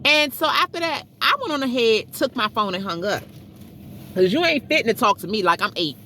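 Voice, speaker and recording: A woman's voice: on the high side, expressive, fairly quick, sharp tone, a little hiss or hum. A middle-aged woman telling a frustrating story to her viewers in a chatty, exasperated way, talking straight to them as y'all. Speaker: vlogger. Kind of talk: casual storytelling vlog.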